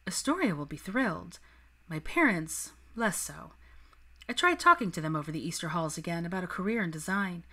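A woman reading the lines of a refined, headstrong young witch in a crisp, determined manner. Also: lowish voice, pushed and bright, full character voice.

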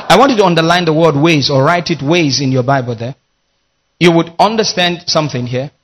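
A man's voice: a little high, expressive, moderate pace, a bit bright. A man preaching a sermon as pastor, leading his congregation in call-and-response with emphatic delivery.

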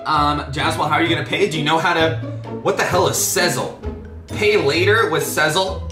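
A young man giving live, excitable reaction commentary as a vlogger, panicking and laughing at what he watches. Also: fairly high pitch, normal speed, reverberant, over music. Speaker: YouTuber.

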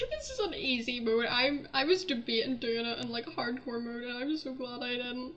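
A woman's voice: on the high side, expressive, moderate pace, few pauses, fairly bright tone. A young woman giving casual gameplay commentary, flustered, laughing and easily panicked. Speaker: gaming channel host.

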